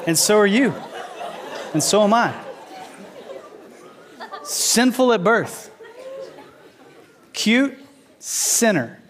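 High-ish voiced guy preaching, playful storytelling, repeats stuff for punch. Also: very slow, long pauses, a faint crowd. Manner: animated storyteller, playful, repeats phrases for emphasis. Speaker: pastor teaching a series. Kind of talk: sermon.

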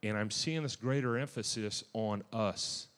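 A man with a fairly low voice delivers a sermon in a church. He talks with zealous emphasis, restarts his sentences and breaks into sudden louder bursts. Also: unhurried, in a large hall, slight background noise. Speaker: preacher. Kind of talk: sermon testimony.

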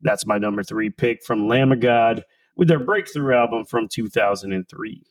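A man co-hosting a metal podcast, telling a relaxed personal story about his favorite album. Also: medium pitch, moderate pace, no echo, poor audio. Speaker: podcast co-host. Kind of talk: casual podcast chat.

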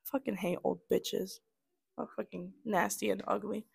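A woman's voice: mid-range voice, moderate pace, creaky. A young woman casually chatting as a podcast co-host, telling a story about a customer with lots of swearing. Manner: profane, animated storytelling. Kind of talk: casual chat. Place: study room.

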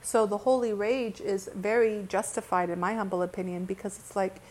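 A woman speaking to her viewers as a spiritual teacher, earnest and impassioned. Her voice sits at an ordinary middle pitch. She circles back through her sentences often, leans on "like", and is blunt enough to curse. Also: fairly even intonation, moderate pace, darkish tone. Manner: earnest and impassioned, with frequent restarts and "like"; blunt, with occasional cursing.

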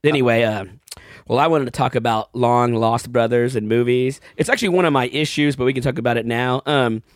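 A man's voice: mid-range voice, brisk, dry recording, studio quality. A man in casual podcast chat, joking around and swearing freely. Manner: loose, joking, profane.

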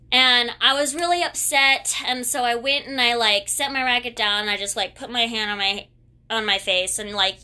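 A woman's voice: medium pitch, pushed and bright. A woman in her twenties telling a personal story in a rambling, candid way, often correcting herself as she goes. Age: 20s.

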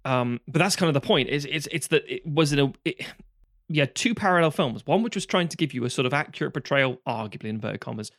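Fast-talking man, casual film chat. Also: a little high, expressive, fairly bright tone, dry recording, clean studio sound. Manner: fast, rambling, swears freely, frequent restarts. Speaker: podcast co-host.

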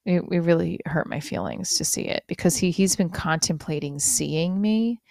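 A middle-aged woman hosting a podcast, talking through a confessional monologue in a rambling, halting way, sounding hurt and low. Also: gravelly, darkish tone. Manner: rambling, halting, many fillers and restarts. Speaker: podcast host.

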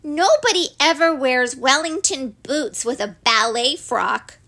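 A woman voicing a kind, sensible little girl who talks gently and reasonably. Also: high voice, animated, measured pace, voice pushed up, full character voice. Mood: gentle.

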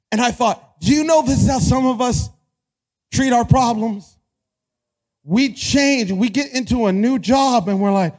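High-voiced preaching man, animated. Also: unhurried. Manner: animated, shouting peaks, acts out quotes. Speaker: pastor. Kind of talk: energetic sermon.

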